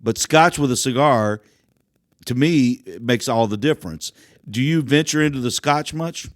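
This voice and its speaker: A man's voice: medium pitch, normal speed, no room sound. A man hosting a podcast, asking friendly questions in a casual chat. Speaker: podcast host.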